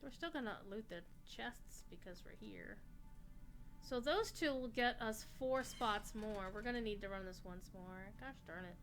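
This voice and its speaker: A woman livestreaming a game, chatting in a rambling way with sudden excited outbursts. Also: medium pitch, moderate pace, soft background music. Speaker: livestreaming gamer. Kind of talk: casual chat while playing a game.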